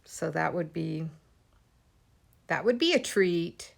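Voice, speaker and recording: A woman leads a casual craft lesson on a livestream, pausing to greet viewers. Her voice is low and gravelly. She talks slowly and chattily as she works. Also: lively intonation. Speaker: art teacher.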